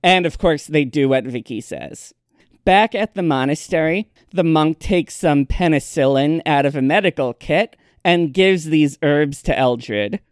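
A man's voice: fairly high pitch, animated, a little slow, smooth, no room sound. A man casually recapping a TV episode for a podcast, with dry, wry asides.

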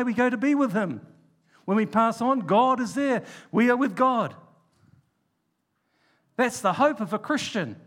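Male preacher, high voice, emphatic sermon delivery with slowed stresses and low, quiet asides.

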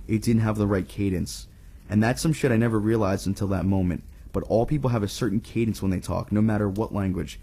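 A man with a lowish, husky voice tells a spooky campfire story on a podcast. He reads it aloud in a relaxed, profane, casual way. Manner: profane, laid-back. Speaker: podcast co-host telling a scary story.

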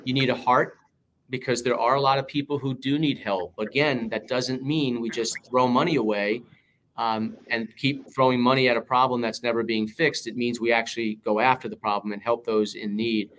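A man's voice: medium pitch, fairly even intonation, normal speed, fairly bright tone, a little hiss or hum. Emphatic New York man in an interview. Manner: emphatic, punchy campaign rhetoric. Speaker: political candidate guest. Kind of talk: interview answers.

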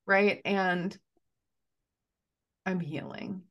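Slow, low-voiced woman talking thoughtfully. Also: steady tone, fairly bright tone. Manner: thoughtful, restarts often, slow and measured. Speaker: guest, somatic therapist. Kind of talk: conversational podcast interview.

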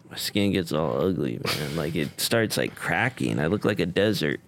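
A man's voice: deep voice, animated, normal speed, a little hiss or hum. A man hosting a casual interview, curious and chatty, asking his guest many questions. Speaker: interview host.

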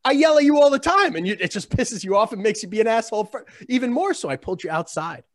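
Animated, cussing coach telling stories. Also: male voice, high voice, fast talker. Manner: animated, profane, lots of laughter, big shouts in reenactments. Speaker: strength coach, host. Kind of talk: casual storytelling chat.

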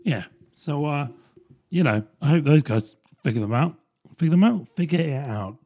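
A man's voice: a little high, lively intonation, normal speed, mellow. A man, rambling through a casual solo podcast with plenty of fillers and self-deprecating asides. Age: 30s. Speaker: podcast host.

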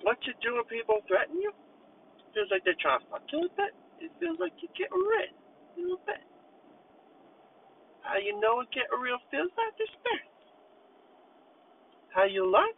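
Man with a very high, sing-song put-on voice riffing nonsense pep talk from the driver's seat, tinny phone-like sound, faint road hum. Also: sing-song, moderate pace, pauses often. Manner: absurd mock-motivational rambling in a put-on voice. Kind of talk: rambling comedic monologue while driving. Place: inside a moving car.

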